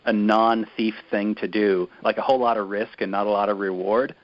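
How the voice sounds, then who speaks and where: A man's voice: fairly low pitch, steady tone, normal speed. A man co-hosting a podcast in casual chat, rambling and critical with lots of fillers. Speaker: podcast co-host. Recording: dull lo-fi podcast audio.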